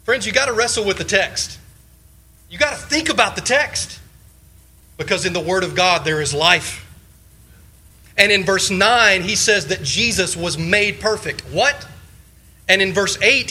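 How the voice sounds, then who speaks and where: Emphatic preacher with a bright, high voice. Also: male voice, animated, measured pace, slightly rough, poor audio. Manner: emphatic, rhetorical questions, repeats phrases; leans on short repeated exhortations. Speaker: pastor. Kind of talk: sermon.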